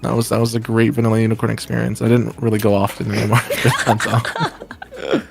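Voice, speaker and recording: A man's voice: fairly low pitch, sing-song, a little fast, gravelly, faint music behind. Young man rambling through anecdotes. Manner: rambling anecdotes, self-correcting. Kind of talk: casual chat.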